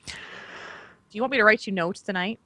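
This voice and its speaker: A woman's voice: mid-range voice, brisk, pushed and bright, no room sound. A woman co-hosting a podcast in casual chat, giggly and teasing. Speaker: podcast co-host.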